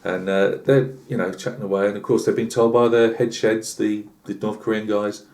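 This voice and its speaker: A man's voice: lowish voice, little pitch movement, normal speed, hardly any pauses, darkish tone. A British man telling a rambling comic tall tale on his channel, full of asides and fillers. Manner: chatty, lots of asides and fillers. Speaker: channel host.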